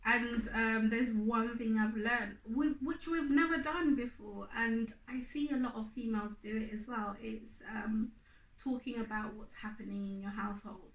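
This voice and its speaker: A woman with a high voice talks candidly about her marriage, livening up when she acts out old grievances. She sits a little back from the mic in an echoey room. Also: normal speed, recorded from a distance. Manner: candid, animated when acting out remembered complaints. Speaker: wife co-hosting a marriage video. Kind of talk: casual chat.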